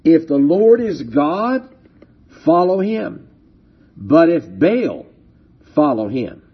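A bold, fiery prophet declaiming his words, as a preacher reads his lines. The voice leaps between low and high, slightly husky, on a dull lo-fi recording. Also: sing-song, slow, heavily acted. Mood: commanding. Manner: declaiming, forceful. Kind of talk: dramatic scripture reading in a sermon.

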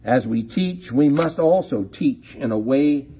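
A man preaching a sermon, slow and deliberate, leaning hard on key words. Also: medium pitch, expressive, a little hiss or hum. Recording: dull lo-fi recording.

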